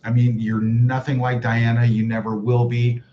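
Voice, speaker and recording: A man's voice: mid-range voice, completely flat delivery, moderate pace. Sarcastic man on a lo-fi livestream. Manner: mocking, sarcastic, chuckles often. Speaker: livestream host reading chat. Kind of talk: casual livestream chat. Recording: dull lo-fi livestream audio with faint noise.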